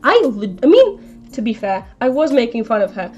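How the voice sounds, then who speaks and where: A woman's voice: a little high, sing-song, moderate pace, darkish tone, breathy edge. A young adult woman live streaming, retelling a story in a chatty, rambling, indignant way.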